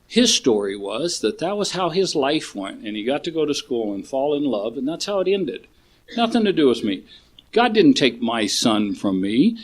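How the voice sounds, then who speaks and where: An older man with eight grandchildren, sharing his story at a recovery meeting in a blunt, storytelling way with casual swearing. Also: mid-range voice.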